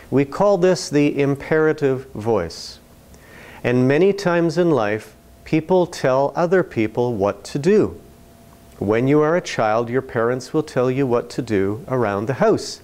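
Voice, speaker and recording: Slow, deliberate male teaching narrator. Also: medium pitch, darkish tone. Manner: slow, clear, deliberate explanations. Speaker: ESL video narrator.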